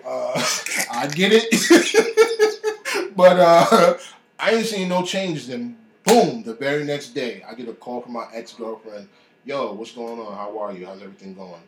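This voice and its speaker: Man, casual storytelling, animated, acts out voices, roomy echo. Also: mid-range voice, a little hiss or hum. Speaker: guest telling a faith story. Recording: echoey room.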